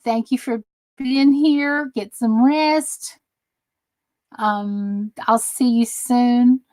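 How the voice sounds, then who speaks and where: A woman's voice: a little high, extremely slow, darkish tone, dry recording, poor audio. A tired woman chatting casually with viewers while she crafts on a live stream. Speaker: crafting livestream host.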